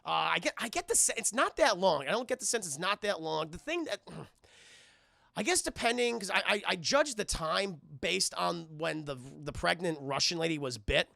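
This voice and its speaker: A man's voice: high voice, creaky, no echo, studio quality. A man casually recapping a film for his live chat, animatedly acting out the characters' lines as he goes. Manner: animated, acts out characters' lines in quick impressions. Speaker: streamer reviewing a film.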